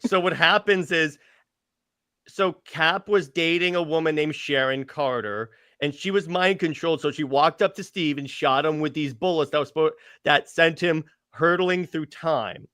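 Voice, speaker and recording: A man co-hosting a podcast, excitedly retelling comic storylines with lots of stammers and restarts, acting out the characters' quotes. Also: on the high side, normal speed, smooth, no echo, clean studio sound. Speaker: podcast co-host. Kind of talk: casual comics chat.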